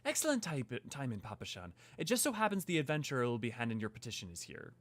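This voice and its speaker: A man voicing a brisk, folksy female innkeeper with a put-on mild Irish lilt, reading game dialogue aloud. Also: mid-range voice, very animated, a bit bright.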